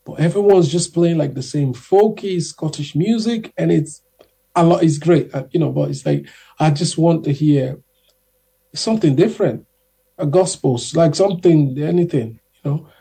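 A man voicing a chatty older gentleman in his sixties who keeps pushing and coaxing. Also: fairly high pitch, moderate pace, gravelly, breathy edge. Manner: eager, pushy, coaxing.

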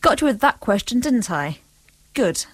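A woman's voice: a little high, very animated, normal speed, no room sound. Bossy woman narrator. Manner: bossy, exasperated. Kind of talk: scripted comic narration.

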